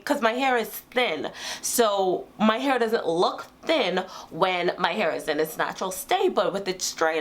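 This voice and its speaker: A woman's voice: lowish voice, expressive, moderate pace. A woman with a cold, her voice nasal, chatting casually to camera as a hair vlogger with sassy asides. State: has a cold. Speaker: beauty vlogger.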